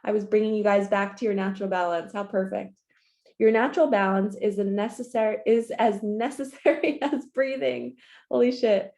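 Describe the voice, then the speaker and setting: A woman's voice: medium pitch, steady tone, moderate pace, dark tone. A woman giving a casual spiritual morning talk as a coach, chatty and earnest, laughing often and swearing casually.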